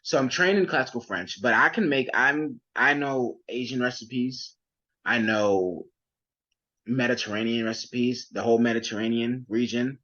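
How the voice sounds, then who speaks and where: A man's voice: medium pitch, normal speed, bright, forceful tone, dull audio. A young man as an interview guest, telling his story casually with many fillers and restarts. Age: young adult.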